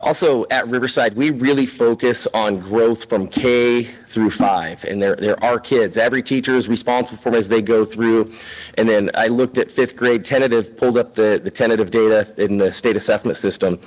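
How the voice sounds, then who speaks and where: A man with a somewhat low voice gives a spoken report as a school principal at a board meeting. He sounds chatty and upbeat, keeps things informal, and drops in plenty of "um"s and "uh"s. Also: steady tone, normal speed, rough recording.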